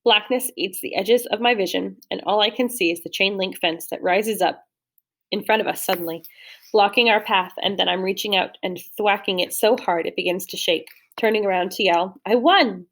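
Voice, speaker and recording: A woman's voice: medium pitch, normal speed. Woman reading a novel aloud. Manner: steady storytelling read, with slips and restarts. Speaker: audiobook reader. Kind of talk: first-person novel narration.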